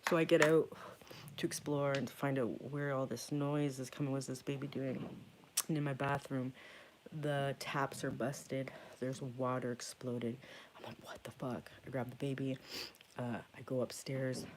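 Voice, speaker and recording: A man telling a rambling, profanity-laced story to camera in a casual vlog, often dropping to a hushed whisper. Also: medium pitch, level tone, moderate pace, slight background noise. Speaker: occult channel host.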